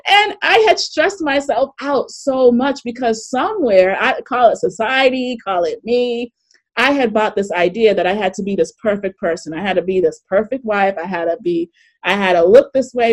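A middle-aged woman hosting a live online workshop over a video call, chatty and animated, often laughing and reading chat comments aloud. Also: a little high, moderate pace. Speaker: coach and webinar host.

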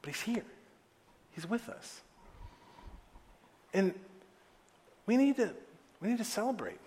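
A preacher voicing a soft-spoken pleading father. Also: high-pitched, wildly swooping pitch, fairly quick, long reverb tail. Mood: tender. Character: gentle pleading father, older man.

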